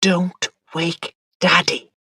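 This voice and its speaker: A man voicing a patient young mother in a storybook reading, speaking softly and gently to her son. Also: high-pitched, little pitch movement, drawn-out words, creaky, dry recording, pitched above the performer's own voice, heavily acted. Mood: hushed. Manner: soft and patient, often hushed.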